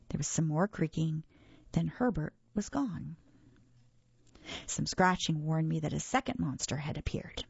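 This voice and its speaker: A woman reading a children's story aloud with lively expression. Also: low-pitched, unhurried, gravelly, pauses often, breathy edge, no room sound, dull audio.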